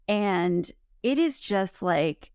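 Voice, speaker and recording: A woman's voice: medium pitch, expressive, extremely slow, darkish tone, smooth, no echo, studio quality. A woman co-hosting a podcast, chatting casually and animatedly as she retells scenes. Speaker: podcast co-host. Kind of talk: casual recap chat.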